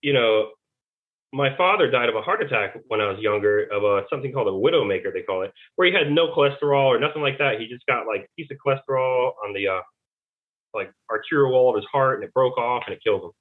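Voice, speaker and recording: A man, a former Navy serviceman, telling his story as a podcast guest in a halting, rambling way. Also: mid-range voice, expressive. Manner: rambling, halting, retells dialogue. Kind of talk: casual interview storytelling. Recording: tinny phone-like line.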